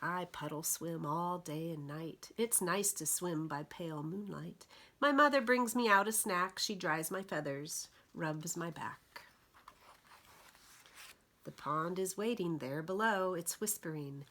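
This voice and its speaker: Give me a gentle woman reading picture books to toddlers, unhurried. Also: lowish voice. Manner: gentle, expressive storyteller for toddlers. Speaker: children's librarian.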